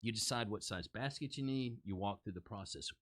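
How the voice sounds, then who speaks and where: A man co-hosting a sales podcast who tells everyday stories with animated bursts and mock frustration. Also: on the low side, fairly quick. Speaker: podcast co-host. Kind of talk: casual sales podcast chat.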